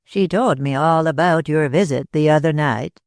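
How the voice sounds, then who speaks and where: A man's voice: a little high, no room sound, close to an everyday voice. A man doing a drawling American older man. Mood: effusive. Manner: drawling, slow and dry. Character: talkative older American man, overly friendly.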